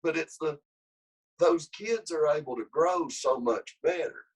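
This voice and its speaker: The man's voice is a little high, a little slow, and breathy, on a low-quality recording. A wrestling coach, he narrates a long interview story that meanders and restarts, with energy rising whenever he acts out quotes.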